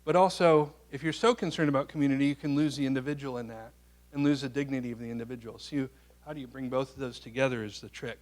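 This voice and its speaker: A man giving a public talk, answering an audience question with a lively story. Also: mid-range voice, fast talker. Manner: animated storyteller, quotes people in their voices. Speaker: guest speaker.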